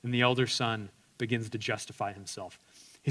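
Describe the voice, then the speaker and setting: A man's voice: medium pitch, steady tone, brisk, a bit bright. A male pastor preaching an earnest sermon, telling personal stories with self-deprecating humor and frequent restarts.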